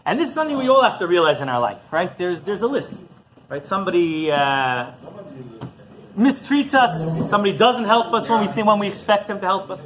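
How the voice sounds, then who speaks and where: A man's voice: high-pitched, sing-song, brisk, a bit bright, poor audio. A man, a rabbi, telling a story in a sermon and often questioning his listeners.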